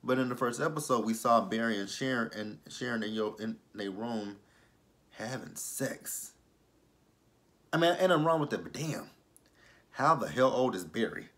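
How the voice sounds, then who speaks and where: A man's voice: medium pitch, animated, normal speed, fairly bright tone. A man giving a casual, chatty recap of a TV episode, loose and full of fillers. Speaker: TV show reviewer.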